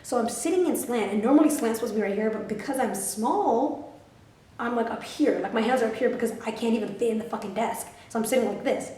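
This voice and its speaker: A woman in her twenties telling a storytime to her camera, animated, profane and full of "like" fillers. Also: fairly high pitch, fast, distant mic. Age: 20s. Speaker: vlogger. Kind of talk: storytime vlog. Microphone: camera filming herself. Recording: roomy, mic set back.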